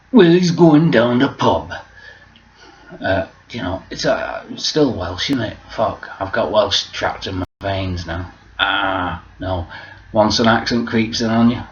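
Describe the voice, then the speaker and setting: A low-voiced man in a casual vlog, rambling loosely and swearing freely. The recording is dull and lo-fi. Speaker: vlogger.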